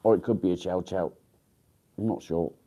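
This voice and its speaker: Groggy, low-voiced man. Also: normal speed, dark tone. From England. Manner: groggy, rambling, mumbled fillers and swearing. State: groggy, just woken up. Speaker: livestream host. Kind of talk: casual live-stream chat.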